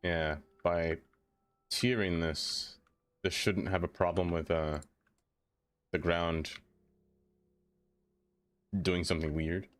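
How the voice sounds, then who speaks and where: A man's voice: low voice, fairly even intonation, takes it slowly, long pauses. A man streaming a city-building game, chatting loosely and answering his viewers in a rambling, self-deprecating way.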